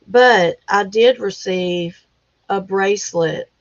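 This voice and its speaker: A woman hosting a casual livestream chat, talking in an emotional, halting way as she fights back tears. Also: medium pitch. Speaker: livestream host. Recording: dull lo-fi livestream audio.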